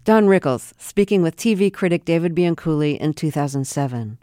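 A radio host reads scripted links between segments. The voice is smooth and clear, sitting in the middle range. It is crisp and even, and the sound is dry. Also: medium pitch, brisk, dry recording.

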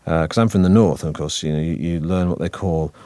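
A Manchester-accented actor, guesting on a relaxed interview, speaks quickly in a very low, warm voice. He's wry and self-deprecating, restarting as he winds through his thoughts, and the sound is dry and close with no room sound.

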